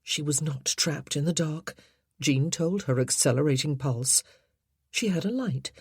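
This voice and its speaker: An audiobook narrator reads a scripted story in a slow, breathy, deep woman's voice. Her storytelling is measured and expressive, captured in a dry, clean studio recording.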